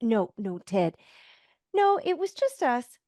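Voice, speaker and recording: A caring small-town woman, read by a woman at a virtual table read. Her voice is high, and she speaks in a helpful, reassuring way. The sound is close and dry. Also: very animated, slow, warm tone, dry recording. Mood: polite.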